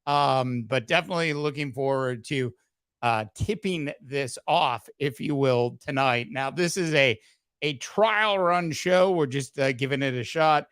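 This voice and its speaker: A man hosting a casual sports podcast, halting with many fillers and throat-clearing, his voice slightly hoarse. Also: medium pitch, fairly bright tone, no room sound, studio quality. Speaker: podcast host. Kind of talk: casual sports talk livestream.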